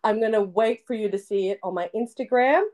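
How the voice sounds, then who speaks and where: A woman's voice: medium pitch, a little fast, darkish tone. A young woman hosting a casual podcast chat, giggly and chatty with lots of fillers. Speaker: podcast host.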